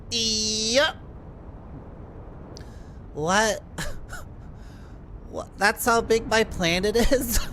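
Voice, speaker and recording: Slow-talking woman playing a game. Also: on the high side, a bit bright, a little hiss or hum. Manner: slow, puzzled muttering. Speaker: game player. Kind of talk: playing commentary. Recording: faint music behind.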